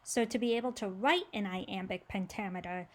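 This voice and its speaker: A woman teacher talks her class through the next step in a relaxed, conversational way. Her voice sits at an ordinary middle pitch. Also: moderate pace. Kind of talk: casual classroom explanation.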